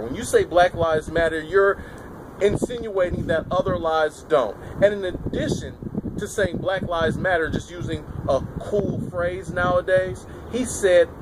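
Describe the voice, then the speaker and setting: A man's voice: high voice, a little slow. Emphatic man ranting outdoors in wind. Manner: emphatic, repetitive phrasing. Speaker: political vlogger. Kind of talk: opinionated political commentary. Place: outdoors in a city, windy. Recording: wind and traffic noise outdoors.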